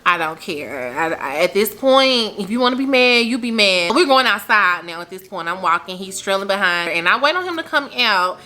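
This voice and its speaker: A young woman with a bright, forward voice tells a story to her camera in loose, chatty vlog talk. Her voice leaps upward whenever she stresses a point, then settles back into easy conversation. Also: moderate pace, hardly any pauses. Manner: animated, chatty, swoops up in pitch for emphasis. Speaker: vlogger. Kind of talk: casual storytime chat.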